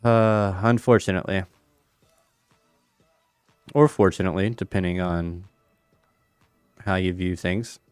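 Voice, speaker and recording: A man's voice: low-pitched, fairly even intonation, a little slow, long pauses, darkish tone, clear, resonant tone, no room sound, faint music behind. A man streaming casually, thinking aloud about crypto charts and a chess game, with playful banter. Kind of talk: casual livestream chat over charts and chess.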